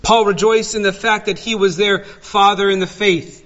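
A man preaching an expository sermon as pastor, slow and earnest, dwelling on single words. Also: high voice, steady tone, a bit bright, highs cut off.

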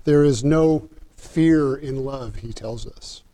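A man's voice: medium pitch, takes it slowly, mellow. A man preaching a sermon in an earnest, emphatic way, often restarting his sentences.

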